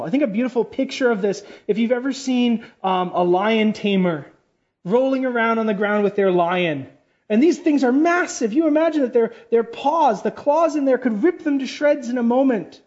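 A man preaching a sermon with fervor, swinging between loud, high exclamations and quiet, low passages and slowly drawing out key words. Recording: dull lo-fi sermon recording.

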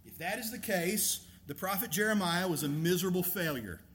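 A man preaching a sermon as a pastor, emphatic and animated, asking rhetorical questions. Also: high-pitched, a little fast, slight background noise.

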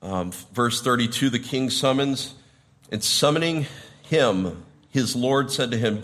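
A man's voice: lively intonation, unhurried, a bit bright. Man preaching a sermon. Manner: rises in pitch and volume when quoting the characters; explains word meanings in a teaching tone. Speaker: pastor.

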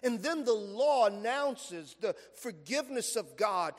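A man preaching a sermon in a church, telling stories and stretching words for emphasis. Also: very high-pitched. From Los Angeles, USA. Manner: animated storytelling preaching, stretched emphatic phrases. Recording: long reverb from a large hall.

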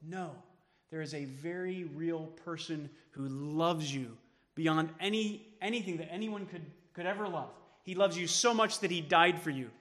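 A man preaching a sermon as pastor, emphatic, then dropping to soft tones for quoted words of comfort. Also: a little high, moderate pace, big-room sound. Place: church sanctuary.

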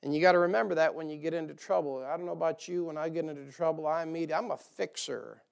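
A man's voice: fairly high pitch, steady tone, very fast, gravelly, smooth. A man preaching a sermon to a church, folksy and joking, rising to emphatic bursts. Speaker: pastor. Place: church sanctuary.

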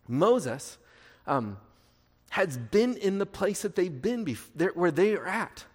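A man preaching a sermon with a slightly raised pitch. His delivery is loose and conversational, with rhetorical questions to the congregation. The voice rings out with a long reverb in a large hall. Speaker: pastor.

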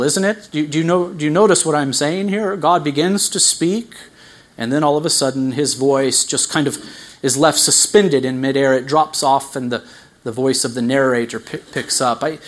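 A man preaching a sermon, explaining scripture with earnest emphasis, swelling on key lines and dropping to quiet asides, with some stammered restarts. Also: mid-range voice.

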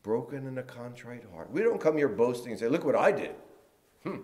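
A man preaching a sermon in a church, moving between loud emphatic lines and quiet, hushed ones. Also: mid-range voice, very animated, fairly quick. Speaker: pastor.

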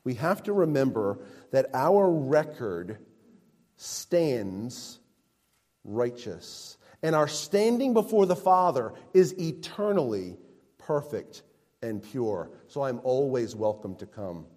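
Male pastor, unhurried emphatic sermon delivery, voice ringing in a reverberant hall. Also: medium pitch, sing-song, dark tone. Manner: slow, emphatic preaching with rising and falling emphasis.

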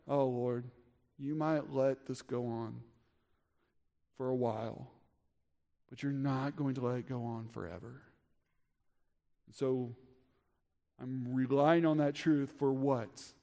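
A man in his thirties preaching a sermon as pastor, earnest, swinging from emphatic high peaks to quiet low drops. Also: measured pace, vocal fry, pauses often. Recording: long hall reverb.

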